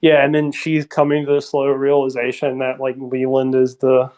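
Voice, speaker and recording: A man talking about films on a podcast, animated, with many fillers, often acting out lines. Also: mid-range voice, normal speed. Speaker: podcast co-host or guest. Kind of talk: casual film discussion.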